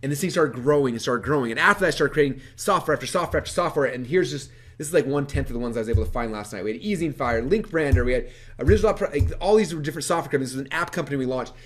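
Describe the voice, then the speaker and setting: A man presenting a webinar, telling his story to a live audience in a lively, animated way with many fillers. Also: medium pitch. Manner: energetic, animated, quick-talking with many fillers.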